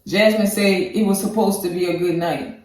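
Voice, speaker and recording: A man's voice: high-pitched, moderate pace. A man recapping a reality episode in loose, slangy speech, jumping into the people's voices as he tells it. He sits back from the mic in a room that rings with heavy echo. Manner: slangy, animated, acts out quotes from the show. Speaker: reaction show co-host. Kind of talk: casual recap and commentary. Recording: very echoey room, voice far from the mic.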